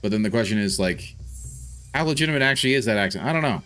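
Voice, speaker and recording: Deep voiced guy streaming a game, thinking out loud, lots of ums and restarts. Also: animated, quick pace, soft background music. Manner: thinks aloud, rambling with frequent restarts. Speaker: gaming streamer. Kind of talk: casual live gameplay commentary.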